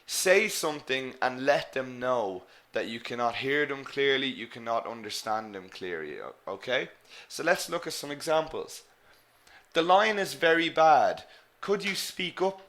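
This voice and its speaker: Bright-voiced male English teacher. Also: mid-range voice. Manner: coaching, repeats example phrases slowly. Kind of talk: online lesson.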